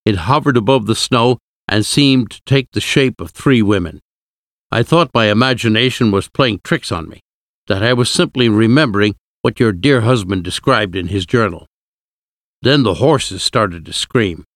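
A man reading an audiobook, voicing an older male professor who speaks slowly, gently and gravely. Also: on the low side, dry recording. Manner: slow, measured, gentle. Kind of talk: audiobook character voice.

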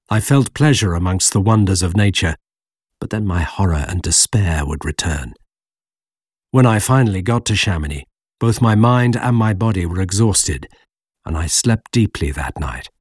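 A man narrates a story in the first person with slow, measured care. His voice is low, gravelly and husky, and it rises and falls expressively. The recording is close and dry. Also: a little mellow, dry recording. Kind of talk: scripted audiobook narration.

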